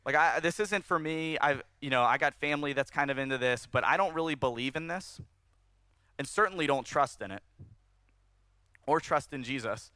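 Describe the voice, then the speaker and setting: A man delivers a church sermon in a lively, conversational way, pushing his voice upward when he stresses a point. His tone is bright and forceful, sitting a little high for a man. The sound is dry and close, with little room in it. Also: normal speed, dry recording. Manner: animated, conversational preaching with rising emphasis. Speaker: pastor. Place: church service.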